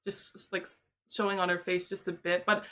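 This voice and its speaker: A woman's voice: lowish voice, level tone, fairly quick, a bit bright. A young woman livestreaming, talking candidly and casually, laughing often and swearing freely.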